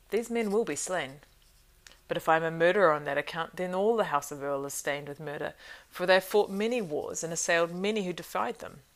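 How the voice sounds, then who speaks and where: A proud, scheming old wizard , put on by a woman reading aloud, low and gravelly, sweet-talking from a great height. His coaxing words carry a sneer beneath, as in a spoken storybook. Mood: persuasive. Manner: coaxing and lofty, turning hissing and scornful. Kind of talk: audiobook reading.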